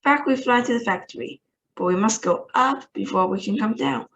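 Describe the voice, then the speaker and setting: A woman reading a storybook aloud, voicing an eccentric, excitable male chocolatier in a bouncy, theatrical way. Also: fairly high pitch, moderate pace, gravelly, muffled recording. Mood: excited.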